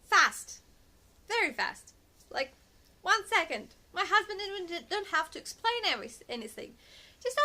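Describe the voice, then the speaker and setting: A woman vlogger telling a story in halting non-native English, animated and indignant with lots of emphasis. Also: very high-pitched. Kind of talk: casual storytelling to camera.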